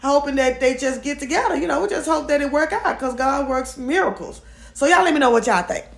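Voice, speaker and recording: A woman's voice: high-pitched, animated, a little fast, creaky. Chatty woman vlogger in an echoey room. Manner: chatty and opinionated, many restarts, talks straight to viewers. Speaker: vlogger recapping a show. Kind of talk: casual gossipy recap.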